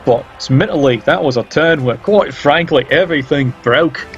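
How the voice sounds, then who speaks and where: A man calls a tabletop-style game in casual play-by-play, teasing the players with dry, sardonic jabs and the odd swear. His voice sits at an ordinary middle pitch. Faint noise hums under the recording. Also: normal speed, muffled recording. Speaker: game commentator.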